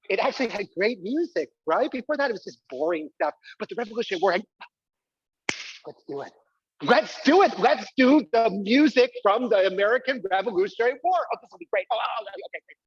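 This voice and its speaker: An exuberant man performs a comic monologue on a small stage. He coaxes the crowd to join in and squeals with delight. His voice is husky and dry, and the live recording sounds dull and muffled. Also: high voice, no room sound. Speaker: solo performer.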